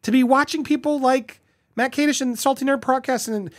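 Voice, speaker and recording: High-voiced man reviewing a film. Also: fairly quick, no echo, clean studio sound. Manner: conversational, rambling with restarts and asides; animated, voices other people's reactions. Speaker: movie reviewer. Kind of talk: casual spoken film review.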